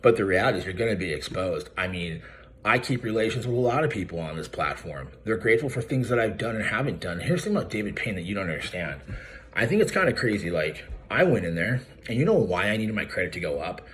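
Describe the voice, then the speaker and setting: Profane, confrontational man with a low voice. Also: sing-song, fast talker, a bit bright, slight background noise. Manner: addresses the target directly by name. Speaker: YouTuber calling out a credit repair business. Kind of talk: angry direct-to-camera vlog rant.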